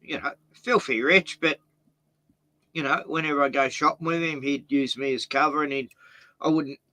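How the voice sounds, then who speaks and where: Bright-voiced blunt man. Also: on the high side, normal speed. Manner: blunt and profane, rambling storytelling. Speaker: host. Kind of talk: casual chat.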